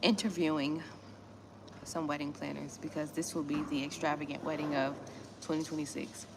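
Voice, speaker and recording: Woman, Miami Southern US accent, low pitch, blunt casual livestream talk, audible background noise. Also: flat delivery, moderate pace. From Miami, Florida, USA. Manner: blunt, slangy, talks straight to viewers. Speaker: small business grants YouTuber. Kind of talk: casual livestream chat answering viewers. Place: West Africa.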